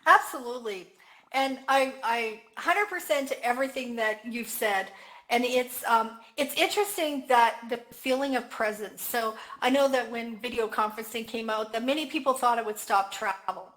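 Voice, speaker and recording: A woman's voice: a little high, moderate pace, a bit bright, low-quality recording. A woman co-hosting a virtual community event, talking enthusiastically and thoughtfully with frequent fillers. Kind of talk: casual conversation.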